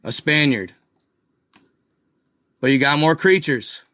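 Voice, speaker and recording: A man hosting a casual video, excitedly talking viewers through an old map and repeating himself as he points things out. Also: a little high, slow, no echo, clean studio sound. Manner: excited, repetitive, addresses viewers as guys and y'all. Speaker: video host. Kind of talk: casual commentary over a map.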